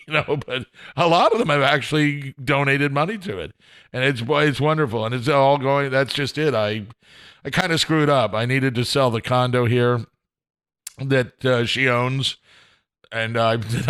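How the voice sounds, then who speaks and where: A man's voice: medium pitch, bright, forceful tone. A man hosting his own solo podcast from home, rambling in a self-deprecating way, often chuckling and restarting his sentences. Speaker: podcast host. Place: home, indoors.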